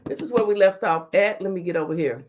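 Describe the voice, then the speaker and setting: A woman's voice: mid-range voice, fast. A woman hosting a casual live stream, chatting and greeting viewers by name with sassy asides before reading court transcripts aloud. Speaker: talk show host.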